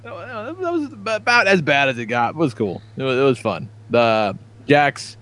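A man's voice: medium pitch, very animated, moderate pace, a bit bright. A man in his thirties telling rambling, profane stories on a casual podcast. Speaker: podcast co-host.

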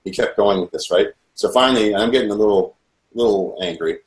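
Low-voiced man recounting an ordeal. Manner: earnest, halting, with many restarts. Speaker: guest telling his story. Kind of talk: first-person testimony. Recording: roomy echo.

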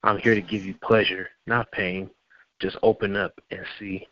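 Low-voiced man reciting a love poem. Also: little pitch movement, moderate pace, a bit bright, no echo. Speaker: poet guest. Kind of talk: spoken-word poetry reading. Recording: dull, lo-fi call-in audio.

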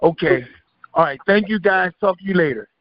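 An older man calling in to a radio show, talking earnestly and haltingly, repeating himself. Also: high voice, expressive, no echo. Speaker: caller. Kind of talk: casual call-in radio chat. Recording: muffled phone-in audio.

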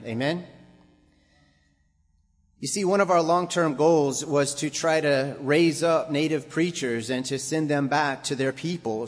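A man preaching a sermon to a congregation, building up to emphatic, repeated exhortations. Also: on the high side. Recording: long hall reverb.

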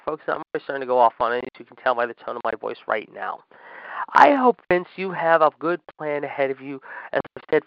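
A man's voice: on the high side, clean tone, no room sound, highs cut off. A man hosting a wrestling podcast, ranting angrily and sarcastically and saying "however" over and over. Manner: angry, sarcastic, repeats "however" constantly. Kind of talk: ranting commentary.

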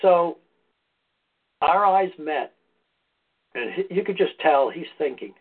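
A man with a somewhat high, husky voice tells a meandering personal anecdote in a relaxed, conversational way. He comes through a tinny, phone-like line. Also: slow pace. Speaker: podcast guest, foundation founder. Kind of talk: casual anecdotal storytelling. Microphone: phone or call line.

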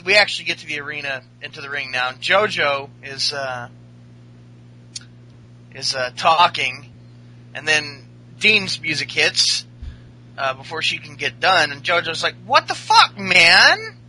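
A man's voice: on the high side, a little slow, pauses often, bright, forceful tone, poor audio. A man hosting a casual podcast chat, rambling and swearing as he recaps a show. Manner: rambling, profane, laughing. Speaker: podcast host.

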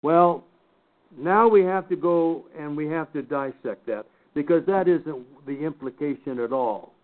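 An older man teaching a Bible class, slowly and emphatically picking apart scripture word by word. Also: on the high side. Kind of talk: Bible study lecture. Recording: tinny phone-like recording.

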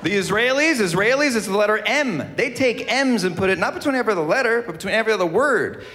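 Male comedian, high and bouncy delivery, recorded live with a noisy audience. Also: fast talker. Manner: animated, slips into mock accents for punchlines. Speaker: stand-up comedian. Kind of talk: stand-up comedy routine. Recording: live comedy club with crowd noise. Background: audience crowd.

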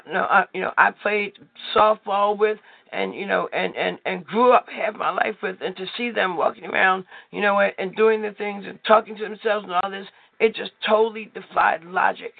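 A man's voice: high voice, gravelly, no echo. A man leading a prayer call, preaching informally in a rambling way, full of filler phrases. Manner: rambling, heavy with "you know what" fillers. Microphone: telephone. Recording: tinny phone line.

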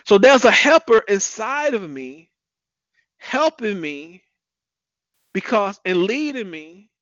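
A man with a high voice preaches a lively sermon and calls out to people in the room by name. The sound is dry and close. The recording is a little dull and lo-fi. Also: no echo. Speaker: pastor.

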